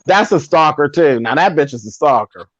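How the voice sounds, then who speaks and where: A woman's voice: deep voice, animated, moderate pace, husky, no room sound. A woman hosting a casual, sassy gossip chat, cursing freely and laughing often. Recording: dull lo-fi sound.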